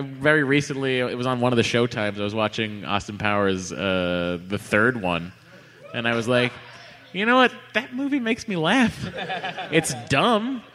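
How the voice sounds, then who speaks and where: A man's voice: mid-range voice, bright, forceful tone. A man hosting a live podcast, answering audience questions in a jokey, rambling way. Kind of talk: live podcast Q&A, joking banter. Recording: reverberant live venue.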